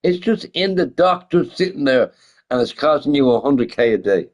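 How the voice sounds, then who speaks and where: A man's voice: mid-range voice, lively intonation, moderate pace, darkish tone, rough recording. A man chatting casually on a stream, swearing often, laughing and firing off rhetorical questions. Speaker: gaming streamer chatting with viewers. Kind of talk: casual rambling chat.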